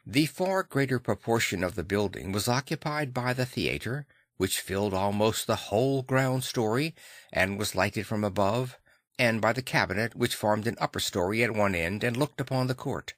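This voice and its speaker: A man narrating a classic novel audiobook in a measured, dramatic way on a close microphone. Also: fairly low pitch, a bit bright, dry recording.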